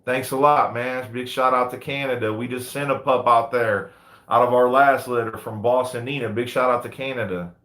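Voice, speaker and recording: Speaking at a moderate pace with fairly even intonation, a thirty-something livestream host and dog breeder keeps his indoor chat relaxed, often saying "man" and "you know what I mean." His medium-pitched voice is fairly bright and echoes under the big lights.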